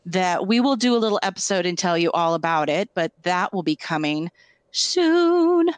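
A woman's voice: lowish voice, fairly even intonation, brisk, clean tone, no echo. Gushing woman podcast host, dry sound. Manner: gushing and enthusiastic, rambling with restarts. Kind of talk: casual podcast chat.

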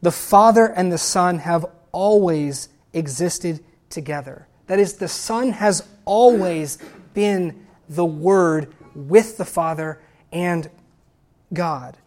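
A woman preaching a sermon with a lowish voice. She builds to loud, emphatic exclamations. She also reads scripture and hymn lines aloud. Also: takes it slowly.

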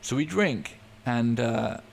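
A man's voice: mid-range voice, expressive, vocal fry, a little hiss or hum. A man, a podcast guest, telling a candid personal story in an earnest, open way, often restarting his sentences. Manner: halting, frequent restarts and fillers.

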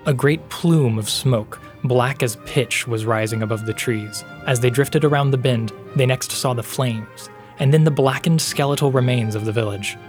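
A man's voice: medium pitch, moderate pace. Man narrating a storybook podcast. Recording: faint background music.

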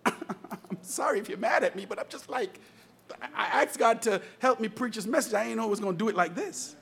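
A man's voice: high-pitched, fairly quick, gravelly, a bit bright. A male pastor preaching a fervent sermon from the pulpit, calling out to his congregation. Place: church pulpit.

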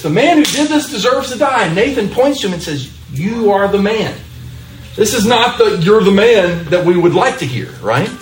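A man preaching a sermon to a congregation, often checking in with "right?" and stretching key words slowly for emphasis. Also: on the high side, far from the mic, slight background noise. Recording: roomy echo, speaker away from mic.

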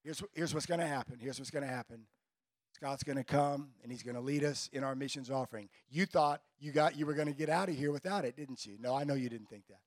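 A man's voice: medium pitch, fast talker, no room sound, studio quality. A male pastor leading a closing prayer and altar call in a fervent, repeating prayer cadence. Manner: fervent, repetitive praying cadence.

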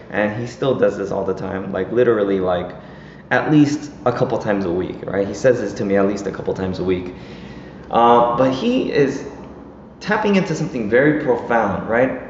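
Male pastor, thirties to forties, chatty sermon style, roomy and slightly lo-fi with faint noise. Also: mid-range voice. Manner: casual, chatty, often asks "right?". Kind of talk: conversational sermon. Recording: echoey hall, dull, faint noise.

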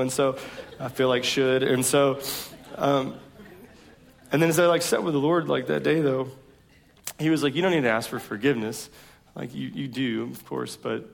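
A man's voice: mid-range voice, vocal fry. A man in his thirties preaching a sermon, telling self-deprecating stories in a casual, slangy way. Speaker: pastor.

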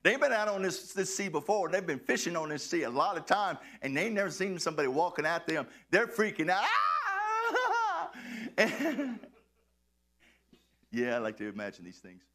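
High, lively-voiced male preacher. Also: normal speed. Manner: animated, playful preaching that breaks into shouts and laughter. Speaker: pastor. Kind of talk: sermon.

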